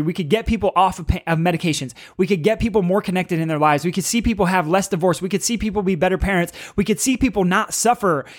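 A man hosting his own podcast as a chiropractor, talking in a fired-up, emphatic way and repeating key phrases for punch. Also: high voice. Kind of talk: motivational solo podcast talk.

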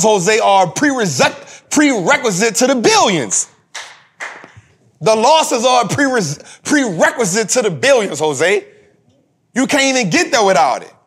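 A man hosting a show, giving a repetitive, preachy motivational talk on investing, speaking with a husky voice. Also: high-pitched. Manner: animated, preachy, repetitive, addresses co-host by name. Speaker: podcast host.

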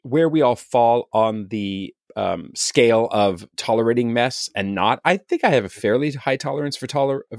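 A man co-hosting a parenting podcast in casual chat, rambling and gentle. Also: mid-range voice, normal speed, gravelly, few pauses, no echo, clean studio sound. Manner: rambling, restarts, gentle and chatty. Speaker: podcast co-host.

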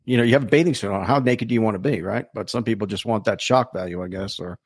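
A man hosting a podcast, telling a story in a casual, animated way, swearing freely and acting out the people he quotes. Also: on the low side, quick pace, husky, dry recording. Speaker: podcast host.

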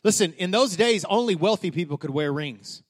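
High-voiced passionate preacher man. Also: lively intonation, normal speed. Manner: passionate, building to loud declarations with frequent restarts. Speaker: pastor. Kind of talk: sermon.

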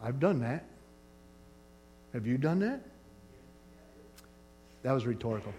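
Delivering a sermon at a moderate pace with long pauses, a male pastor uses a high, lively voice that moves freely up and down. He stays conversational and animated, joking between his points.

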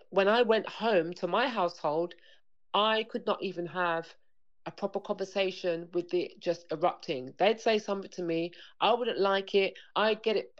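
A woman speaks earnestly as an interview guest, her voice a touch low. She repeats herself and acts out little exchanges as she talks. The recording sounds dull and lo-fi. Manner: earnest, repetitive, acts out dialogue. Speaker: parenting coach guest. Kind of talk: conversational interview.

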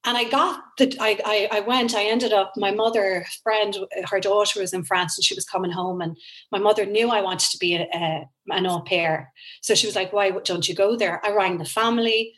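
An Irish woman, a guest in an interview, tells a personal story earnestly and with feeling, animated and emotional. Her mid-range voice moves at normal speed, and the audio is poor.

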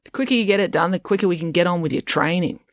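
A woman's voice: on the low side, racing, no echo, clean studio sound, lightly acted. A woman voicing a grumpy, bossy old woman on crutches who snaps and scolds. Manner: snappish, scolding.

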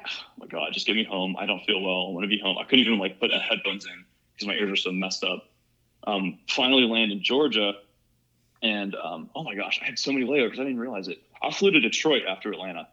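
A man's voice: fairly low pitch, sharp tone, slightly rough. A young man from Ohio, telling a story as a podcast guest in a rambling, casual way, full of "like" and "you know". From Ohio, USA. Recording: muffled lo-fi recording.

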